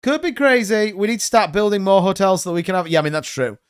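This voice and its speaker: A man hosts a live stream, giving loose, rambling market commentary. His voice sits a little high, and he hedges and wanders as he chats. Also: fast, smooth. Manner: rambling, hedging, chatty. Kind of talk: casual crypto market commentary.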